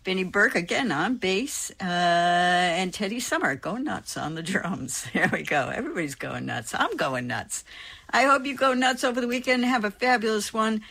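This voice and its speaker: A woman's voice: mid-range voice, sing-song, moderate pace, creaky, a bit bright. A woman hosting a music radio show, back-announcing records in a chatty, enthusiastic way with little asides.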